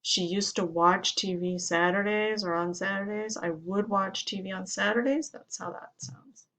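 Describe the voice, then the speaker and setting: A woman's voice: mid-range voice, fairly even intonation, normal speed, a bit bright. A woman Spanish teacher giving a grammar lesson, explaining steadily and following each example sentence with its translation.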